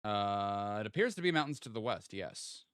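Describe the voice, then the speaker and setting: Lively, playful male game streamer. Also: lowish voice, normal speed, clean tone, no room sound, studio quality. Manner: thinks aloud, playful teasing of chat. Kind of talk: casual live-stream game commentary.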